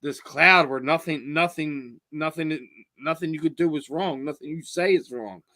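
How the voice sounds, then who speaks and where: Man, podcast co-host, bright forceful tone, stammering repeats, casual. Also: fairly high pitch, moderate pace, no echo.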